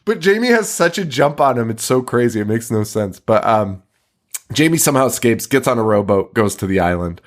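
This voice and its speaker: A man's voice: mid-range voice, fairly quick. A man hosting a podcast, recapping a horror movie in casual chat, laughing often and swearing freely. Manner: animated, laughing, swears a lot. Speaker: podcast host.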